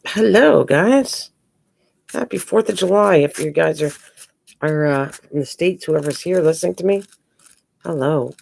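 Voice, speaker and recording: A woman's voice: deep voice, unhurried, vocal fry, pauses often, darkish tone, no echo. An older woman hosting a casual live stream from home while crafting, chatting with viewers and calling them pet names.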